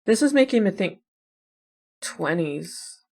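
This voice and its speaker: A woman's voice: fairly low pitch, lively intonation, slow, darkish tone, breathy edge. A woman playing puzzle games and thinking aloud in casual commentary, chatty and wondering, with self-deprecating asides. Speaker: puzzle game streamer.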